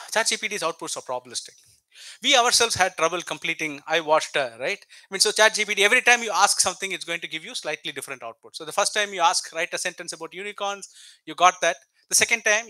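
Male lecturer, high bright voice, patient step-by-step explainer, close dry recording. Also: no room sound, low-quality recording. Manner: explains step by step, with frequent tag questions. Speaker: professor giving a lecture. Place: lecture hall.

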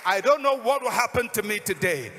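A desperate blind beggar shouting and pleading in a high, strained voice, as a preacher acts him out. The voice rings loud and bright, and a long hall reverb trails after it. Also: male voice, very animated, brisk, a little hiss or hum, heavily acted. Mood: resolute.

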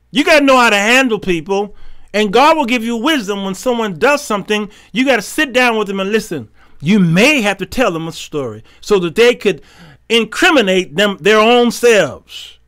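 A man with a high, bright, ringing voice tells stories in a preaching style, with in his speech. He acts out every character in the dialogue, bursts into laughter, and swings from soft asides to loud punch lines. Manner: animated, laughing, acting out dialogue. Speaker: talk show host.

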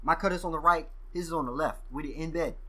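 A man guest telling casual stories, profane and animated, acting out what people said. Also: fairly high pitch, fast. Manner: profane, animated storyteller who acts out quoted exchanges. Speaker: podcast guest. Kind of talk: casual storytelling.

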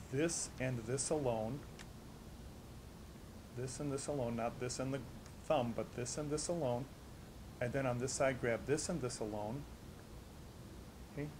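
A man's voice: mid-range voice, noisy background. A man teaching as a doctor, demonstrating a hands-on technique and repeating the key steps with emphasis. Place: studio against a black backdrop.

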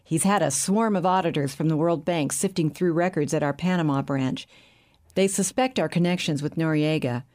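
Woman reading a smooth bank boss, calm and soothing, lowish voice. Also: normal speed, lightly acted. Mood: assured. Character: smooth scheming middle-aged male bank chief.

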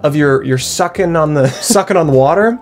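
A man's voice: a little high, brisk, soft background music. A young man, a college student, chatting casually to camera in a rambling, self-mocking way that is full of restarts. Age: young adult. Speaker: vlogger.

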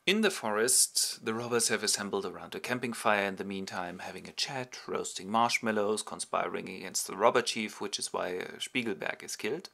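A man's voice: fairly low pitch, brisk, gravelly, hardly any pauses. A man, hosting a playful comic retelling of a play with toy figures. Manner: playful, animated. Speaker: host.

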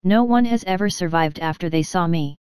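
A woman's voice: lowish voice, a little fast, a little mellow, smooth, no echo, close to an everyday voice. A woman voicing a greedy, bloodthirsty male bandit leader in an audiobook, menacing and commanding.

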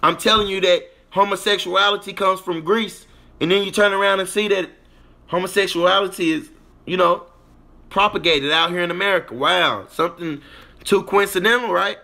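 The livestream host has a high, gravelly voice, bright and forceful, delivered at a moderate pace. Rambling through his monologue, he speaks to his chat and leans on the repeated filler "you get what I'm saying."

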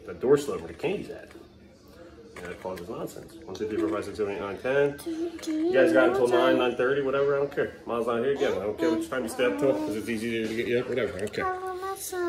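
A man filming a casual family vlog at home, coaxing and joking with his children as he hurries them through bath time. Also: medium pitch. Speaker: father filming his kids.

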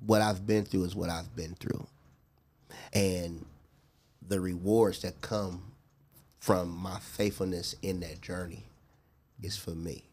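A middle-aged man talking earnestly as a guest in a casual interview, reflective and quick to laugh. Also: sits low, fairly even intonation, a little mellow, husky.

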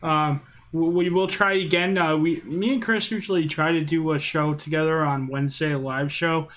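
A man's voice: fairly high pitch, steady tone, moderate pace, a bit bright. A man hosting a casual live stream, laid-back and reassuring as he chats with his guest.

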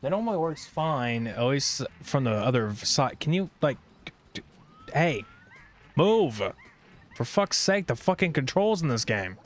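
A man's voice: a little high, very animated, a little slow. A man streaming a video game, grumbling and swearing in a rambling, irritable running commentary. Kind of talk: casual gameplay streaming commentary.

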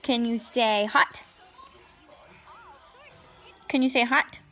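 A woman's voice: a little high, fairly even intonation, takes it slowly, sharp tone, soft background music. A young mother, playfully coaxing her toddler to say words in a casual home vlog. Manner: sing-song baby talk, playful and coaxing. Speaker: vlogger, mother.

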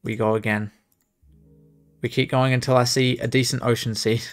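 A man's voice: mid-range voice, little pitch movement, normal speed, soft background music. A young man streaming, talking to himself as he plays a speedrun, muttering and exclaiming at the game. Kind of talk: live commentary while speedrunning a game.

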